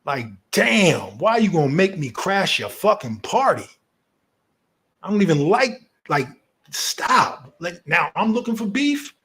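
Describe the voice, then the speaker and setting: Man, high-pitched, lively swings, combative, profane, heated rant. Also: a little slow. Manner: confrontational, profane, animated. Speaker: online commentator.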